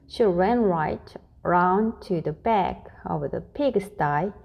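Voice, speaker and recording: Female storyteller for a children's read-aloud; unhurried, deliberate, expressive delivery. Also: fairly low pitch, gravelly, lo-fi sound. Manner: slow, deliberate, expressive reading.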